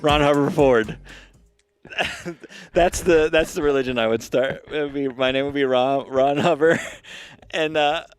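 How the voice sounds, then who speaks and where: Excitable, foul-mouthed male podcast host. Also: on the high side, slow pace, clear, resonant tone, no echo, faint music behind. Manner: excitable, profane, rambling and self-amused. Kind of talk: casual comedic chat.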